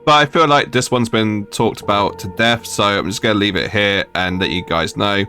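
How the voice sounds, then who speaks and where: Uk guy ranting about a game, lowish punchy voice, fed up and mocking. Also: moderate pace, bright, forceful tone, faint music behind. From United Kingdom. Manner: exasperated, mocking complaints. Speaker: gaming video creator.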